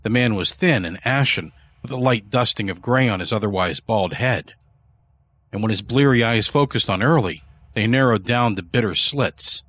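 Low husky male horror narrator. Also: normal speed, a bit bright, no echo.

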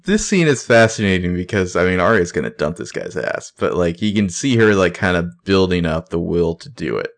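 A man with a very low voice and plenty of gravelly fry talks in loose, casual chat. He swears freely and slips into quick impressions of the characters as he recaps the plot. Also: expressive. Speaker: podcast co-host recapping a TV episode.

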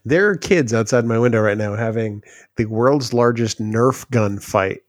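A man co-hosts a casual podcast and needles his friend with dry, sardonic humor. His voice sits at an ordinary pitch. The recording is close and dry. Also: moderate pace, dry recording. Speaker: podcast co-host. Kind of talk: casual chat.

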